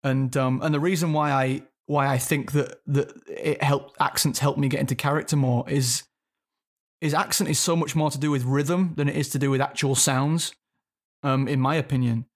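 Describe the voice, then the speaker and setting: A man's voice: medium pitch, steady tone, normal speed. A man in his thirties, an actor, talking reflectively in an interview and searching for his words. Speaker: actor guest. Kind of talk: interview conversation.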